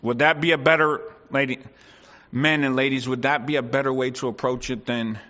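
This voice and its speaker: A man's voice: medium pitch, fairly even intonation, brisk, bright, forceful tone, highs cut off. A man preaching a sermon to a congregation, often asking them for agreement and acting out quoted voices.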